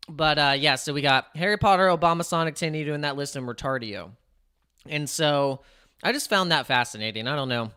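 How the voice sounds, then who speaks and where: A man's voice: fairly high pitch, animated, brisk, pushed and bright, clear, resonant tone. A man chatting casually on a crypto live stream, rambling and cutting himself off, laughing often.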